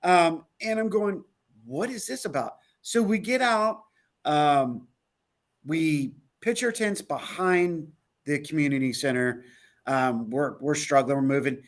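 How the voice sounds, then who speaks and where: Male co-host, rather high voice, lively storyteller who acts out quotes. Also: takes it slowly. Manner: animated storyteller, acts out quotes, laughs often. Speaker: podcast co-host. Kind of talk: casual chat recounting a trip.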